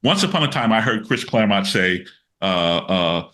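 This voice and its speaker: Older male guest with a bright, forceful low voice who tells stories with energy and frequent false starts. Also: normal speed. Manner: animated storyteller, many restarts, acts out quotes. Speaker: guest comics writer. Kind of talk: casual interview chat.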